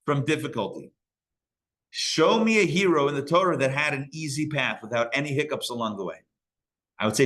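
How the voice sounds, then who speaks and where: Brief: male rabbi, live Torah lesson, casual humorous asides, bright medium-pitched voice. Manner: casual, joking, digressive. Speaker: rabbi teaching a class. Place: synagogue learning center.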